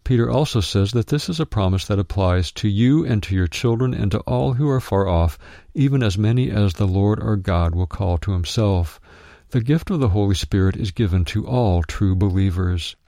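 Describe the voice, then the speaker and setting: A deep-voiced man reads a Bible study aloud, his tone low and gravelly. He speaks in a measured, steady way and reads each verse reference out plainly. The sound is close and dry, with no room around it. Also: dry recording. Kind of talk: scripted narration of a written teaching.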